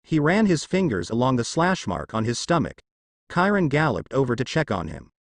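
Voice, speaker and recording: Brief: male fan-fiction narrator, expressive, dry close read. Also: mid-range voice, normal speed, no echo. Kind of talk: reading fan fiction aloud.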